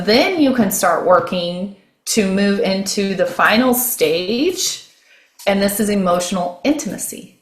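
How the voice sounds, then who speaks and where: A woman speaking as a guest mentor, explaining her method in conversation, often restarting phrases and checking in with "okay?". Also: mid-range voice. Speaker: guest, nervous system mentor. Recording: roomy echo.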